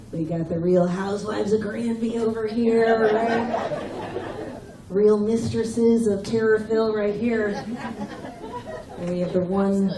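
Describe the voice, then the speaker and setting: A middle-aged woman doing a stand-up comedy set, with brash, teasing banter aimed at the audience. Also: medium pitch. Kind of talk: stand-up set with crowd work. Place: comedy club stage. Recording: echoey room, mic from far off, loud crowd. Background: audience laughter.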